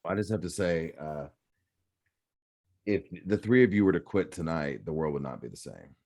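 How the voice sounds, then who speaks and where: A very low-pitched man moderates a panel over a video call. He is effusive and grateful, laughing easily between questions. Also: lively intonation, moderate pace, darkish tone.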